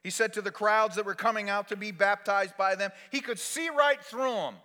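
High bright-voiced preacher in a reverberant hall. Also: male voice, normal speed, few pauses. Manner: preaching with dramatic swings between loud and soft. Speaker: pastor. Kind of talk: sermon.

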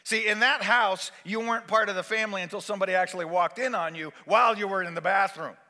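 High, bright stand-up comic in a hall. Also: male voice, fast talker. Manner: animated, acting out scenes. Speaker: stand-up comedian. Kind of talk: stand-up storytelling. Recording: long reverb of a large hall.

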